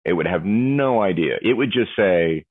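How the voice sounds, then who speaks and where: A man being interviewed as a guest, explaining technology in an animated way and acting out examples. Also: sits low, normal speed, slightly rough, no echo. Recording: dry, tinny phone-like audio.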